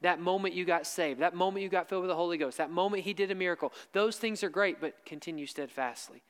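A man preaching a sermon, emphatic, repeating key lines slowly for stress. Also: sits high, clear, resonant tone, big-room sound.

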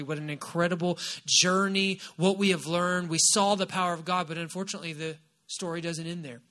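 Bright-voiced emphatic male preacher. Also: a little high. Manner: emphatic and repetitive, stressing key phrases. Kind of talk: sermon, retelling a Bible story.

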